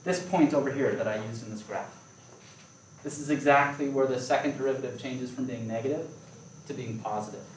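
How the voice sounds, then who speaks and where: A man gives a calculus lecture, mixing playful comparisons with quick checks on his students. His voice rings around a roomy hall and sounds distant from the microphone. A faint hum of room noise sits underneath. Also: medium pitch. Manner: animated, playful explanations with rhetorical questions. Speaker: math lecturer. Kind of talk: classroom lecture.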